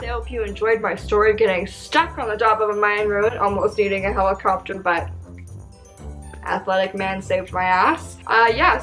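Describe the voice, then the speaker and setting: A woman's voice: mid-range voice, a bit bright, low-quality recording. A young woman telling a travel story in a casual vlog, chatty and swearing freely, acting out her own quotes.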